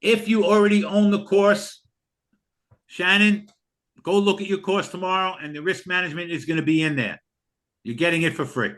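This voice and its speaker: An older man hosting a live online trading class who pitches the course in a pushy, heartfelt, repetitive way over a video call. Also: normal speed, fairly bright tone.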